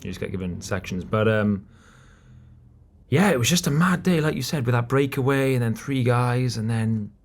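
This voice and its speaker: A man co-hosting a cycling podcast, talking in an animated, teasing way about the race. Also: mid-range voice, normal speed. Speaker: podcast co-host, race commentator. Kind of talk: casual podcast chat.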